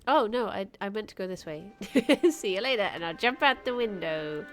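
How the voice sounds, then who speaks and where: A woman's voice: medium pitch, animated, normal speed, faint music behind. A British woman streaming a game, reacting with giggly, teasing commentary. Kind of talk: let's-play commentary.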